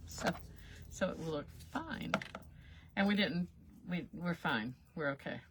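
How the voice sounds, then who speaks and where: This crafting livestream host has a low voice with big pitch swings, a measured pace and frequent pauses, and there's background noise behind her. She talks folksily while she works, laughing at herself as she goes.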